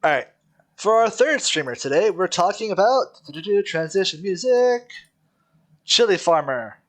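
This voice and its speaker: A man's voice: sits high, big pitch swings, normal speed. A man hosting a podcast, introducing segments in an upbeat casual way. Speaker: podcast host. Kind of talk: casual chat.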